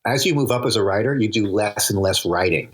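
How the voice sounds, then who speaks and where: A man's voice: on the low side, brisk, a bit bright, husky. Chatty older man telling stories. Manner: chatty, laughs often, many fillers. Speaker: guest, TV comedy writer and producer. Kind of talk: casual storytelling interview.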